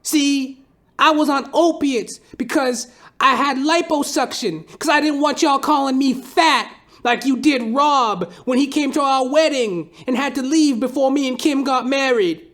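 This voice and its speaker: A man doing an impression of a famous male rapper, ranting in a preachy, emphatic, drawn-out way. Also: very high-pitched, fairly bright tone, pitched above the performer's own voice.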